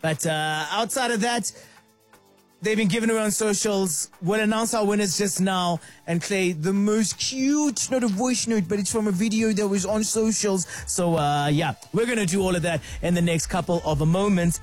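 Man, radio host, high voice, sing-song and playful, faint music underneath. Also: moderate pace. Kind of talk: upbeat radio chat. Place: radio studio.

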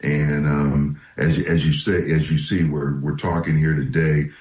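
An older man being interviewed as a radio guest, with a deep, resonant voice, speaking in a measured, reflective way with small restarts. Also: little pitch movement, a little mellow, reverberant, low-quality recording.

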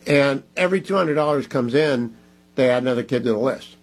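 A man hosting a talk radio show, making emphatic, preachy appeals to listeners in a husky voice. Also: mid-range voice, a little fast.

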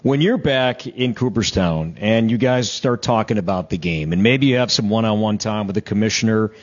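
A man's voice: lowish voice, moderate pace, husky. Upbeat male broadcast host, dull audio. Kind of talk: interview questions.

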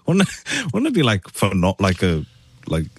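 A man's voice: fairly low pitch, huge pitch swings, normal speed, husky. A man hosting a morning radio show, reading news items with fillers and slips, then chatting with his co-host. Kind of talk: news reading with casual asides. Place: radio studio.

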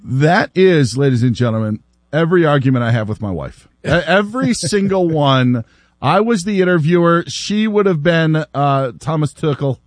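A man hosting sports talk radio, animated and laughing as he repeats himself. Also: fairly high pitch, moderate pace, dry recording. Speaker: radio host.

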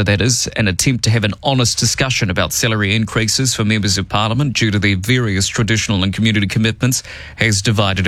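A man with a lowish voice, recorded dry, talks casually on his morning radio program in the studio. He rattles off the news and trades wry political commentary, keeping things chatty and upbeat.

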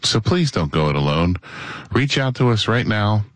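A man's voice: lowish voice, sing-song, normal speed, dry recording. A man hosting a call-in show, earnest and direct as he invites listeners to reach out. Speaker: radio show host. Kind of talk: host announcement on a call-in show.

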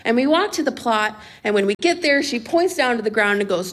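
A young adult woman telling a comic personal story on stage at a live storytelling event, animated and laughing as she talks. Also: a little high, moderate pace. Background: audience laughter.

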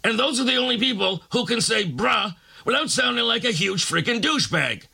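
A man's voice: very high-pitched, lively intonation, fairly quick, gravelly, bright, forceful tone, slightly rough. A man hosting a late-night radio show, delivering a sarcastic, ranting comic monologue.

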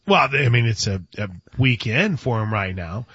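A man's voice: medium pitch, lively intonation, moderate pace, fairly bright tone, slightly rough, no echo, dull audio. A man hosting a sports radio show, chatting casually and often restarting his sentences. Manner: chatty, stumbles and restarts, laughs.

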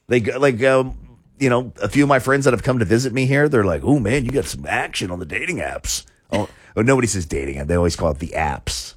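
A man's voice: mid-range voice, husky, no echo, studio quality. A man hosting a talk show, chatting casually in a rambling way with many restarts and chuckles. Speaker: show host.

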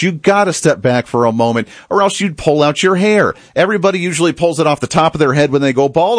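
A man's voice: a little high, no echo, studio quality. A man hosting a political talk show, commenting in a casual, mocking way. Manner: chatty, mocking, laughs at clips.

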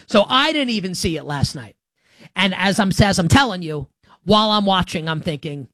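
A man's voice: high voice, expressive, moderate pace, fairly bright tone, dry recording. A man hosting a solo sports commentary show, talking in a sarcastic, emphatic and rambling way with frequent restarts. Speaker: sports talk host.

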